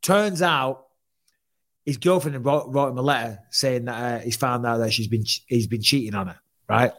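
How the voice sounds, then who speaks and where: At normal speed and in a mid-range voice, a male podcast co-host recounts a story during relaxed chat. He swears a lot and brings the retelling to life by voicing what other people said.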